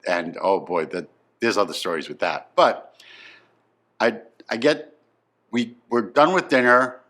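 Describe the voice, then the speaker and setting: Bright-voiced man in his fifties, emphatic. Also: low-pitched. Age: 50s. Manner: emphatic, swings from subdued to excited. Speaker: storyteller. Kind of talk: personal storytelling.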